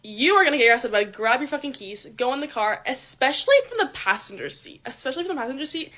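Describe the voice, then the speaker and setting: A woman's voice: a little high, sing-song, fast, pushed and bright. A young woman giving casual advice in a social media clip, rambling and swearing constantly. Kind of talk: casual video advice monologue.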